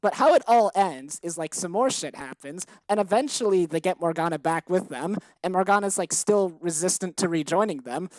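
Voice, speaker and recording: A woman co-hosting a casual podcast, launching into a heated, swear-filled rant with exasperated energy. Her voice sits a little low for a woman. The recording is close and dry, with no room sound. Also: expressive, normal speed, hardly any pauses, darkish tone, dry recording, low-quality recording. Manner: heated, profane ranting with exasperated outbursts. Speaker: podcast co-host. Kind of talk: casual chat.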